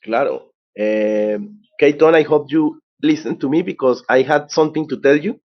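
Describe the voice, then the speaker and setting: Man with a dull lo-fi voice, halting English. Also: a little high. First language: Spanish. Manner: halting, searching for words in English. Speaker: co-host interviewer. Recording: dull lo-fi sound.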